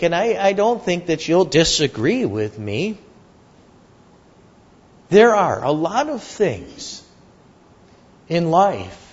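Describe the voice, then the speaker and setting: A male preacher giving an earnest, measured sermon and telling a story, with lots of repetition. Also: high voice, husky. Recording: dull lo-fi recording.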